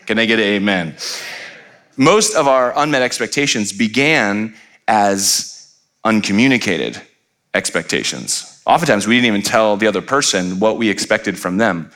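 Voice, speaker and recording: A man in his thirties preaching a sermon as pastor, telling humorous stories with quick asides to the congregation. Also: lowish voice, animated, fairly bright tone. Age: 30s. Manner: storytelling with jokes and asides to the congregation. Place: church sanctuary.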